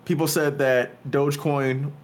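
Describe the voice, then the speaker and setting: A man's voice: on the high side, little pitch movement, measured pace. A man in casual, profane podcast chat, laid-back and slangy. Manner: laid-back, slangy, says "bro" and "y'all".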